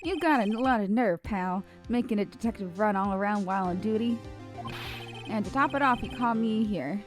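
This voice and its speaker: A blustery male police detective from a video game, talking with a loud, grumbling edge in a voice pitched a little high, as a woman puts him on. He leans on an attempted Boston accent. Faint game music hums behind him. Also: lively intonation, normal speed, lightly acted. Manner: attempted Boston accent, keeps saying pal. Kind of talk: reading game dialogue aloud.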